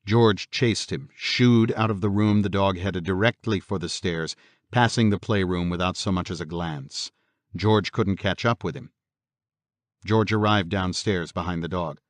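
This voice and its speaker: A man narrating a horror audiobook in a measured, steady storytelling manner. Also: low voice, dry recording.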